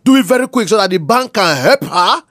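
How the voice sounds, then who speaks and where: A woman's voice: mid-range voice, animated, a little fast, dry recording, studio quality, lightly acted. A woman playing a scheming male phone scammer who poses as a banker, coaxing and stammering when flustered. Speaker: comedy skit actor. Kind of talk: comedy skit acting.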